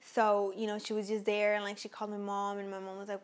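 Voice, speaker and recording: A woman's voice: mid-range voice, monotone, fast. Rambling young woman telling a personal story. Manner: rambling, many fillers and restarts. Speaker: vlogger.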